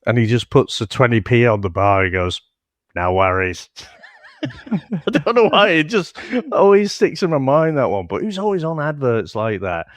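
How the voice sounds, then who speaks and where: A man's voice: mid-range voice, sing-song, fairly quick, hardly any pauses, no room sound. A man co-hosting a movie podcast, reminiscing with rambling enthusiasm. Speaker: podcast co-host. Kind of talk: casual movie podcast chat.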